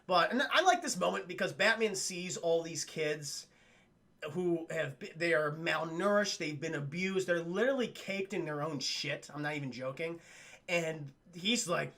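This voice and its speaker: A man hosting a live stream, retelling a cartoon episode to his chat in a rambling, profane, animated way. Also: fairly high pitch, moderate pace. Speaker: livestream host reviewing cartoons. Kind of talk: casual streamed recap with chat.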